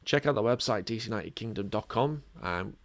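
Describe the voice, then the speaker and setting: A man's voice: lowish voice, fairly quick, no room sound. A man with an English accent hosting a casual podcast, rambling along with lots of ums. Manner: relaxed, rambling, many ums. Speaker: podcast host.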